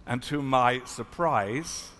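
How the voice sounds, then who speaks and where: Reflective rabbi in an echoey hall. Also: male voice, medium pitch, fairly bright tone. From South Africa. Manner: reflective, earnest, halting. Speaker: rabbi, panel speaker. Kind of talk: storytelling talk at a panel. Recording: echoey hall, faint noise.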